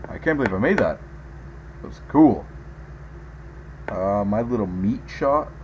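A man giving let's play commentary as a gaming video host, excitable, yelping and groaning at every mishap. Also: on the low side, measured pace, muffled recording, background noise.

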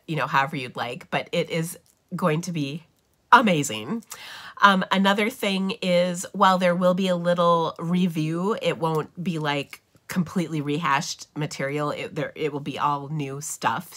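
Slightly nasal from feeling ill, a middle-aged papercraft livestreamer chats eagerly and casually, using lots of filler words. Her voice is low with a fairly bright tone.

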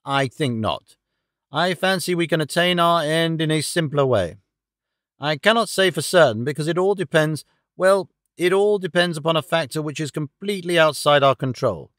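A calm, shrewd detective who weighs every word with quiet confidence, as a male narrator puts him on. The voice is a little high for a man and the recording is dry. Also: normal speed, dry recording, natural voice. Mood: measured.

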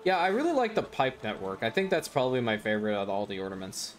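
A man's voice: mid-range voice, sing-song, fast, soft background music. Rambling man chatting over gameplay. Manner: rambling, with frequent fillers and chuckles. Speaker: gaming channel host. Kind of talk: casual gameplay commentary.

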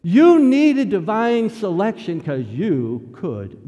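A man preaching a sermon in a church, emphatic, repeating key phrases and swinging between loud declarations and hushed asides. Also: on the high side, lively intonation, a little slow, muffled recording, faint music behind. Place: church sanctuary. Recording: long church reverb.

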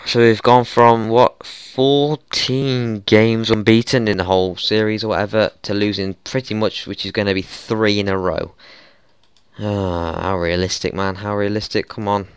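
Exasperated young man, smooth voice. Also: on the low side, level tone, unhurried, dry recording. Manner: frustrated, swearing, exasperated outbursts. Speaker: gaming YouTuber. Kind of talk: football management let's play commentary.

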